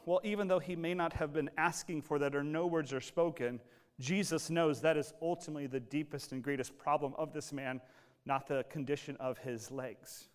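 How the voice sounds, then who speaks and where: Animated male pastor preaching. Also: fairly high pitch. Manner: animated, acts out quotes in lively voices. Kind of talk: sermon.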